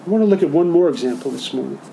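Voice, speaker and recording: A man with a high voice preaches a sermon to his congregation. He talks conversationally and keeps asking them questions. A faint noise sits behind him. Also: animated, racing, vocal fry, mellow, low-quality recording. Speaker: pastor.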